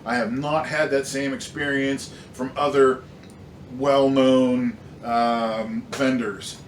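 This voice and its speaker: A man reviews airgun pellets in a casual, rambling way, full of fillers and frustrated emphasis. His voice sits at an ordinary pitch. It rings around a hard room, picked up from a short distance with a faint hiss underneath. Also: level tone, slow. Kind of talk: casual product review rant. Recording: echoey room, slightly distant mic, faint noise.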